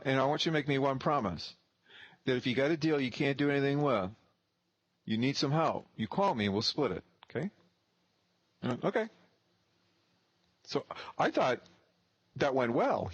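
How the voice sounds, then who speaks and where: A man's voice: mid-range voice, breathy edge, dry recording. A man in his thirties, a real estate investor telling a blunt, profane story and acting out both sides of the dialogue. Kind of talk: casual storytelling.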